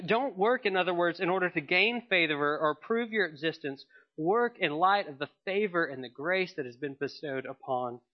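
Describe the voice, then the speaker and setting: A man's voice: fairly high pitch, lo-fi sound. A man preaching a sermon in an earnest way, often repeating and restarting phrases. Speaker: pastor.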